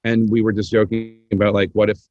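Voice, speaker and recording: A man appearing as a podcast guest in casual chat, earnest and quick, filling pauses with "like" and restarts. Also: fairly low pitch, flat delivery, darkish tone, dry recording, dull audio. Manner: quick, earnest, self-interrupting with fillers.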